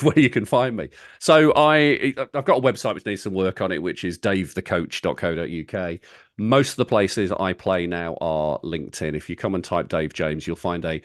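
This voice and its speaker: A middle-aged man, a guest coach and comedian, chatting casually and telling a long joke with a rambling, jokey manner. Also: deep voice. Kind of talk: casual chat, storytelling.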